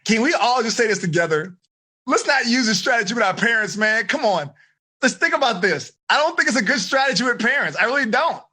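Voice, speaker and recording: A middle-aged man, a teen life coach, teaching a live online seminar in an energetic, questioning way. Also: very high-pitched, a little fast, slightly rough. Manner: energetic, asks questions, coaxing.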